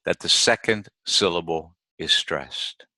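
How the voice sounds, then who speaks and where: A man teaching English pronunciation rules in a slow, deliberate lesson, modelling each example word by repeating it carefully. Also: low voice, bright, forceful tone, no room sound. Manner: deliberate, models words by repeating them slowly.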